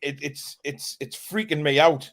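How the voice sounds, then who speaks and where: Rambling, animated man on a call. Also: a little high, measured pace. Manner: rambling, animated storytelling with repeated starts. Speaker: guest on live stream. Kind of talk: casual chat.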